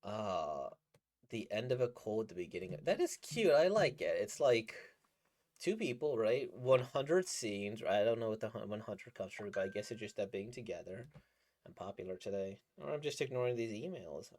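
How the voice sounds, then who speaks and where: A man's voice: lowish voice, big pitch swings, moderate pace, darkish tone. A man giving casual, rambling commentary as he reacts to a manga he is reading, enthusiastic and laughing often.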